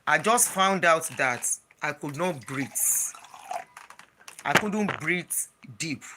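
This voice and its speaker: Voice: mid-range voice, animated, slow pace, noisy background. An adult with a Nigerian accent telling a personal story in a casual vlog, chatty and slipping into Pidgin, with frequent restarts. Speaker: travel and lifestyle vlogger.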